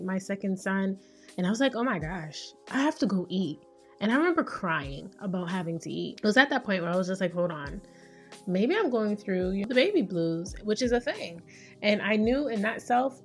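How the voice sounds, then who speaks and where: A woman in her thirties hosts a podcast as a therapist and talks at a medium pitch. Her delivery is chatty and conversational, and she slips into quick voices for the people she quotes. Faint music plays underneath her. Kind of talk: casual advice monologue.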